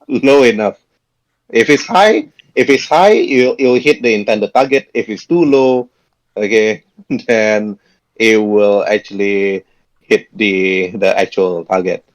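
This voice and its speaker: Chuckling low-voiced game master. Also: male voice, poor audio. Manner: chuckling, halting, with frequent restarts. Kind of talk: narrating a tabletop game.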